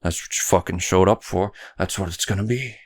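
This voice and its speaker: This young Canadian podcast host speaks low and a little fast, working alone through a rambling stream of political commentary. Swearing and verbal stumbles come often.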